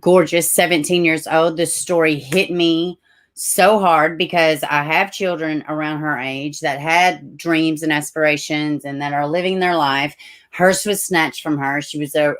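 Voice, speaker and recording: Deep-voiced middle-aged Southern woman from Tennessee, hosts a casual stream, chatty, corrects herself often. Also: fairly even intonation, measured pace. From Tennessee, USA. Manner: chatty, frequent asides and self-corrections. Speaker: livestream host. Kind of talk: casual livestream talk, reading news aloud.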